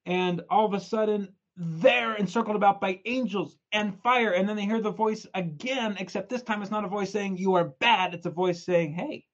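A young man giving a casual, energetic scripture lesson, retelling stories in a chatty, playful way. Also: sits high, moderate pace, few pauses, dull audio. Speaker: scripture study presenter.

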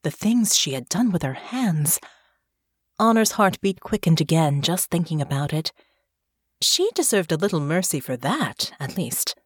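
A woman narrating an audiobook in a measured, expressive way. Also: low-pitched, slightly rough, no echo, studio quality. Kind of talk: scripted narration.

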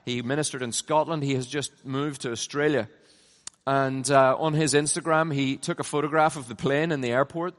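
A middle-aged man preaching a conference sermon, emphatic, swinging from loud passionate peaks down to low, quiet lines. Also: steady tone, moderate pace. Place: large conference hall. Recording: long hall reverb.

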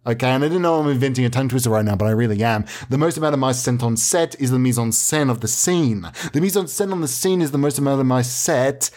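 A man doing a deadpan, rambling comedy monologue full of absurd made-up explanations. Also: mid-range voice, fast, few pauses.

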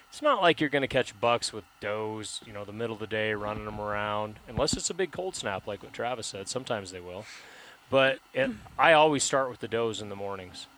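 A middle-aged man at a hunting camp, telling a story in a casual, animated way and laughing often. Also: mid-range voice.

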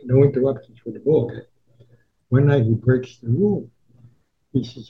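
A man's voice: mid-range voice, normal speed, pauses often, lo-fi sound. A man in his nineties from New Jersey, telling old anecdotes and acting out the voices of people he quotes. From Newark, New Jersey, USA. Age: 90s. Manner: animated storyteller who acts out quoted voices. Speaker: sportswriter guest. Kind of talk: anecdotal storytelling.

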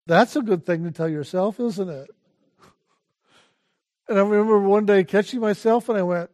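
An older man giving a calm, unhurried spiritual talk as a teacher, urging listeners to pay attention again and again. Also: sits high.

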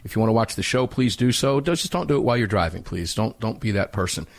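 A middle-aged man hosts a live talk radio show with energy and folksy charm, sometimes drawing out words for emphasis. His voice is lowish and creaky, and he talks at a quick pace.

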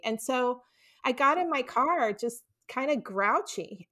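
A woman's voice: on the high side, a bit bright. A middle-aged woman from Texas, a guest on a podcast interview, telling stories and acting out her own quoted lines. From Texas, USA. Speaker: guest author.

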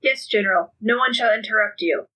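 A woman's voice: medium pitch, fairly quick, sharp tone, husky, rough recording. A woman voicing an obedient military cyborg that speaks in formal, clipped phrases.

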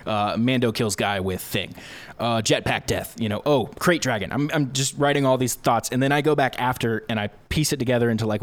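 A young man, a video creator, talking through his work process in a relaxed, chatty interview. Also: medium pitch, no room sound. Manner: explains step by step, relaxed and talkative. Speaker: YouTube creator, guest. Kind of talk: casual conversational interview. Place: home studio room.

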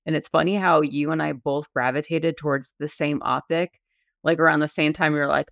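Female co-host, chatty and gravelly, dry close mic. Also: deep voice, steady tone, fairly quick, no echo. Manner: chatty, laughs easily, many fillers. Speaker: podcast co-host. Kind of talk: casual panel chat.

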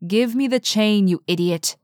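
A woman reading aloud, voicing an impatient, gruff man who speaks in a curt, scornful, demanding way. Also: medium pitch, normal speed, darkish tone, dry recording, clean studio sound, close to an everyday voice.

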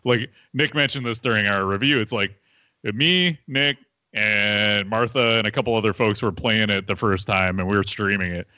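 A man who is a podcast guest, chatting in an animated way and acting out his own quoted thoughts. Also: lowish voice, moderate pace, no echo, dull audio. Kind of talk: casual chat.

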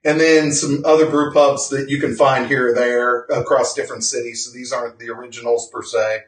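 A man's voice: medium pitch, flat delivery, a little fast, far from the mic. A man co-hosting a podcast in casual chat, rambling, self-correcting, and laughing often. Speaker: podcast co-host. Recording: roomy sound from off-mic.

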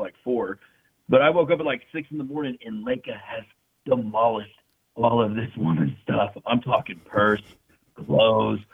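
A man's voice: mid-range voice, husky. A young man telling rambling, profane stories in a casual chat. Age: young adult. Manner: rambling, profane, loose and joking. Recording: tinny phone-like sound.

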